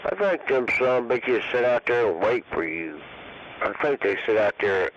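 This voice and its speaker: A man's voice: mid-range voice, lively intonation, normal speed, fairly bright tone. A man, chatting laid-back and profane over the CB radio. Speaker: CB radio talker. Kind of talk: casual CB radio banter. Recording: dull radio transmission with faint hiss.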